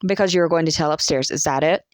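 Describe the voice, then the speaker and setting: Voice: medium pitch, quick pace, no echo, lightly acted. A proud young girl who taunts and sneers, played by an audiobook reader, speaking in cold, clipped, scornful phrases. The sound is dry and close, with no room around it. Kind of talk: audiobook character voice.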